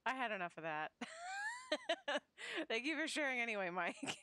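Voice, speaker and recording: A young woman streamer chats through a cozy game with a bright, clear tone. Her pitch swings widely as she talks, swears and reads game lines aloud. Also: wildly swooping pitch, unhurried, no echo. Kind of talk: casual gameplay chat.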